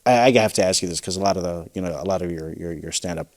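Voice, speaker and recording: A man's voice: low voice, racing, darkish tone. A man hosting an interview, asking eager questions full of fillers and restarts. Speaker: interview host. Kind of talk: casual interview chat.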